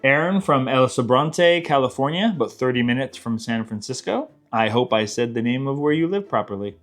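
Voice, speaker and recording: A man's voice: medium pitch, lively intonation, brisk, soft background music. A man hosting a cooking channel, giving friendly, chatty tips and talking straight to viewers. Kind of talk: casual cooking tutorial.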